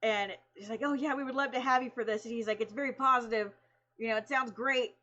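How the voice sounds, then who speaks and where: Woman streamer, casual rambling storyteller, fairly high voice, dull lo-fi stream audio. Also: fast talker. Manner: animated, rambling, many fillers.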